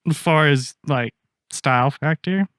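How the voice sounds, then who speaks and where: A man's voice: fairly high pitch, measured pace, fairly bright tone, clean tone, no room sound, clean studio sound. A man co-hosting a podcast, telling stories in casual chat with a loose, swearing manner. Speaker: podcast co-host.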